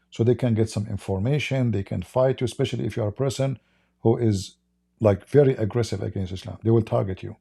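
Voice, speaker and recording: A man hosting a livestream and telling a story in rapid, emphatic, non-native English. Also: mid-range voice, vocal fry, warm tone, slightly rough. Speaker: livestream host.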